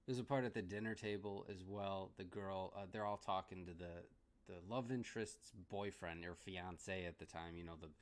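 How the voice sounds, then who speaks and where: A man's voice: low voice, steady tone, moderate pace. A man giving a casual movie review, rambling and laughing often as he restarts his sentences.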